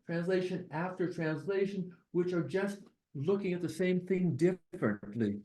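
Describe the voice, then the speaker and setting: A man reading poems at an online poetry gathering, slowly and deliberately, with chatty asides between them. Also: high-pitched, lively intonation, warm tone, rough recording. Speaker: poetry reader at an open mic. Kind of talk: casual reading and commentary. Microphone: online video call.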